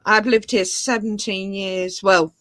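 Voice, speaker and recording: Bright, chatty southern English woman. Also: medium pitch, fairly even intonation, measured pace, no room sound. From England. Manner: affectionate, chatty with small stammers. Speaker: voice chat participant. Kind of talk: casual chat.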